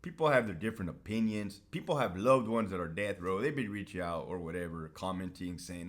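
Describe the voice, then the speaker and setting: A man's voice: sits low, fairly quick, few pauses. A man hosting a casual monologue to camera, talking in a blunt, profane, streetwise way. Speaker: host.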